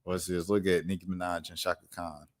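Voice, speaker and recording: A man with a fairly low voice hosts a casual live stream. He talks in loose slang and muses out loud as he reacts to the news, going back over his own thoughts. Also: level tone, a little fast. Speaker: streamer host.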